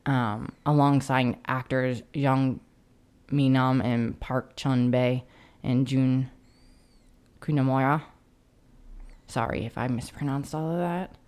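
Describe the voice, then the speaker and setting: A woman's voice: rumbling low, steady tone, takes it slowly, pauses often, darkish tone. A woman co-hosting a podcast in casual chat, often hesitating and repeating words as she starts a thought. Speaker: podcast co-host.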